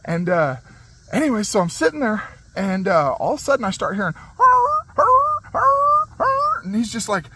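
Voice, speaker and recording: A high-voiced man tells a story in a loose, rambling way, full of fillers and restarts. He laughs as he talks. His manner is casual and animated, like a vlogger chatting to his viewers. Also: quick pace, breathy edge, rough recording. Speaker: channel host.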